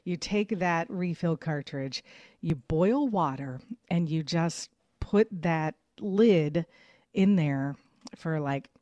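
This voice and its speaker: A woman's voice: low-pitched, takes it slowly, warm tone, no room sound, highs cut off. A woman co-hosting a radio show, chatting in an upbeat way with plenty of fillers. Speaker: radio co-host. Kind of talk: casual on-air chat. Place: radio studio.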